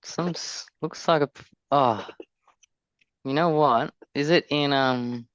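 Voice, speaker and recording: A man co-hosting a podcast in casual chat, throwing out quick guesses and laughing often. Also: on the high side, a bit bright, clear, resonant tone, no echo. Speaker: podcast co-host. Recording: dull, dry lo-fi sound.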